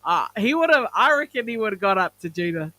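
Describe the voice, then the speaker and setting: A woman's voice: mid-range voice, sing-song, bright, forceful tone. Teasing New radio host woman. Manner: teasing, quick quips. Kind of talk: casual breakfast radio banter.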